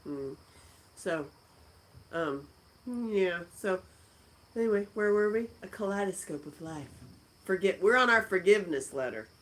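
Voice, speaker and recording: A woman's voice: mid-range voice, expressive, unhurried, long pauses, a bit bright, rough recording. A middle-aged woman hosting a casual live stream, chatting and laughing as she answers viewer comments from a friend's house. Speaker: livestream host.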